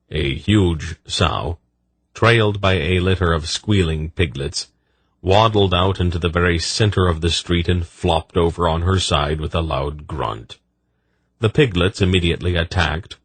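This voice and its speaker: A man narrating an audiobook in an even, measured read. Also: deep voice, slightly rough, no echo. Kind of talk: scripted narration.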